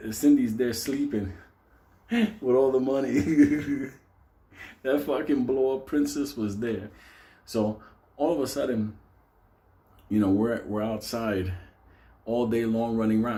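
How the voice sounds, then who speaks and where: A man telling a wild story in a casual, animated way, swearing constantly and laughing as he goes. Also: on the low side. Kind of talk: casual profane anecdote telling.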